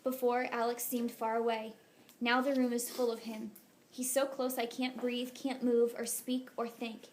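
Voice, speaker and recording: A woman reads a first-person novel aloud in a soft, intimate, unhurried voice that sits fairly high. A faint hiss lies under the recording. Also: level tone. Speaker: audiobook narrator. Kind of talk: first-person audiobook narration.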